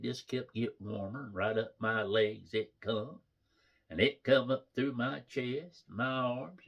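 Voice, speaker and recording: A man's voice: mid-range voice, vocal fry, fairly bright tone, slightly rough. A man retelling a story in folksy country dialect, often repeating "he said".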